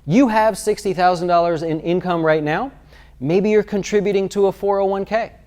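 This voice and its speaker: A man's voice: high voice, moderate pace, darkish tone. Man, financial advisor, casual explainer, talks through numbers with frequent rhetorical questions. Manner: conversational, asks rhetorical questions. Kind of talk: explanatory video talk.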